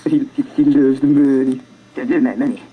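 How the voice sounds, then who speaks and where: A fast-talking amateur video maker casually retelling a film over rough sketches, rambling, self-mocking, and tripping over words. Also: mid-range voice, fairly even intonation, mellow, rough recording. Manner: makes silly sound effects and character voices.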